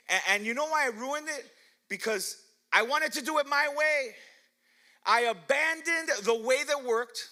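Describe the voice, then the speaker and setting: A man's voice: very high voice, pushed and bright. A middle-aged man pastor telling playful, self-mocking stories in a sermon, laughing often and asking the crowd questions. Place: church hall.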